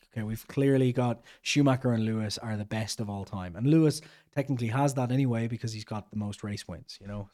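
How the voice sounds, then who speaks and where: Mellow-voiced Irish podcast host, rambling. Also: male voice, medium pitch. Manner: rambling, chatty, self-correcting. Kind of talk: casual chat reading out viewer comments.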